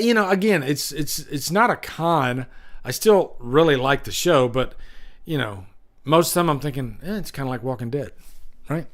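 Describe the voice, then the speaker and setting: A man hosting a casual livestream, rambling and chuckling often as he reads out jokes. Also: fairly high pitch. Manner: wanders between loud and hushed. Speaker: livestream host. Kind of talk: casual live chat.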